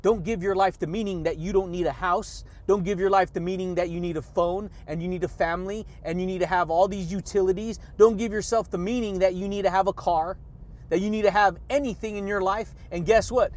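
A man hosting a motivational podcast monologue, hyped and energetic, laughing often and shouting catchphrases. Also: high-pitched. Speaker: podcast host.

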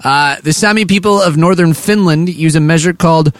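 A man's voice: on the high side, fairly quick, no echo. A man hosting a comedy show, rambling playfully through his jokes and poking fun at himself. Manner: playful, rambling, self-mocking. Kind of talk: comedic banter.

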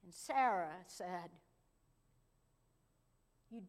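A woman pastor preaching a sermon, telling a story and slowing down and softening her voice for emphasis. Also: fairly low pitch, animated.

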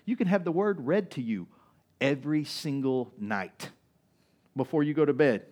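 Male pastor, sermon delivery, conversational, somewhat high-pitched, big swings between loud and soft. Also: expressive, normal speed. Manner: conversational preaching with frequent "right?" asides.

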